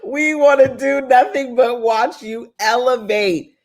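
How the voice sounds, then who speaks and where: Animated, affectionate woman hosting a live summit. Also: a little high, slow pace. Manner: animated, affectionate, motivational, calls listeners "baby" and "y'all". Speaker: summit host. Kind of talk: casual live-stream chat.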